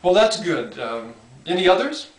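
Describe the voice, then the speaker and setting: A man's voice: sits high, very animated, unhurried. Wry older man, distant in a roomy space. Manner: dry, self-deprecating wit. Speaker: author. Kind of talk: mock interview, humorous. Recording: roomy sound from a distant mic.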